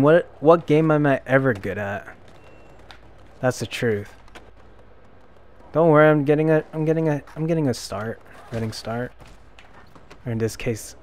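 A young man giving casual let's-play commentary, self-deprecating, with loud frustrated outbursts. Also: mid-range voice. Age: young adult. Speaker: gameplay commentator.

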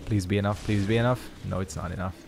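A man's voice: fairly low pitch, steady tone, fast talker, gravelly, background noise. A young man casually commenting on his own gameplay, swearing and joking to himself. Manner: swears freely, jokes to himself. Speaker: gaming video host.

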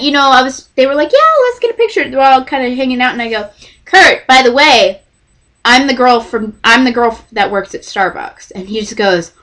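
Young woman vlogger, bright voice, lively storytelling. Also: a little high. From Texas. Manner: animated, acts out the voices of others in her story. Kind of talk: casual storytelling.

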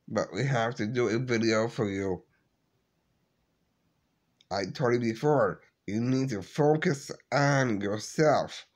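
Tearful man, slow and halting, apologizing to camera, mid-pitched. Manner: halting, repeats and restarts words; apologetic, subdued. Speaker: vlogger. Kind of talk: emotional personal vlog.

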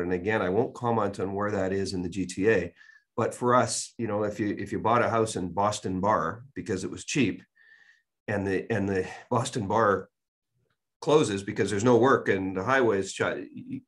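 Folksy older man giving advice. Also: on the low side. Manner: folksy, emphatic storyteller. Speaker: guest real estate expert. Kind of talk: podcast interview.

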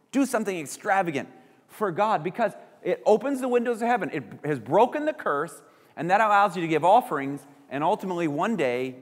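A man preaching a sermon as pastor, acting out little voices of the people he quotes. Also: sits high. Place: church sanctuary. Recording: church hall reverb.

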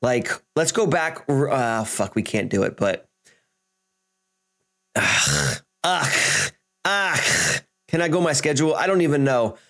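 A man hosting a gaming channel, ranting and swearing through his gameplay commentary, swinging between shouting and muttering. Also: medium pitch, animated, normal speed, few pauses.

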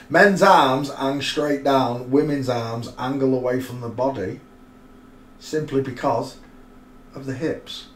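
A man's voice: mid-range voice, fairly even intonation, slow. Scornful man, rambling stream host. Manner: rambling, scornful, crude banter with asides. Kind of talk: mocking live-stream commentary. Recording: roomy echo, faint noise.

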